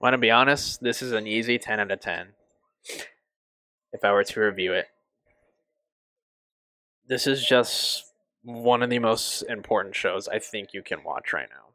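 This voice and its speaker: Young male reviewer, lowish voice, dry close sound, emotional and halting delivery with frequent swearing. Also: bright, forceful tone, dry recording. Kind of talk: casual review.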